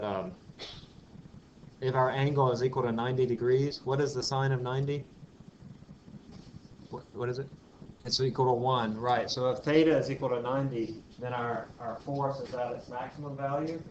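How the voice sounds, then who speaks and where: A man giving a physics lecture in a classroom, explaining step by step, putting questions to the class and telling the odd aside. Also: medium pitch. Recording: dull lo-fi classroom recording with faint hiss.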